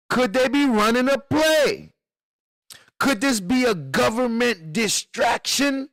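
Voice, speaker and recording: A man's voice: high voice, gravelly, a bit bright, dry recording. A man streaming live, reacting to news with loose, laughing slang banter aimed at his chat.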